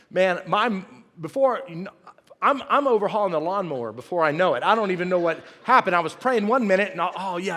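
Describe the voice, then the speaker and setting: A man's voice: high voice, sharp tone. A middle-aged man, preaching a sermon in a folksy, self-deprecating way and joking with the congregation. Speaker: pastor. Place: large church sanctuary. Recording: long hall reverb.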